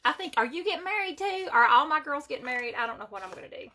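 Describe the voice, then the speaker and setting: A woman talks rapid-fire in a high, expressive, sharp-toned voice. She's applying makeup during a casual live stream from home, greeting viewers by name and chatting with them via phone or webcam.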